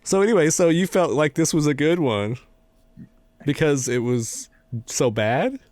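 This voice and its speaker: A relaxed man co-hosts a casual podcast conversation and keeps his questions wry. His voice sounds dry and close to the mic. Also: on the high side, a little slow, no room sound. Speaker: podcast co-host. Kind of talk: casual chat.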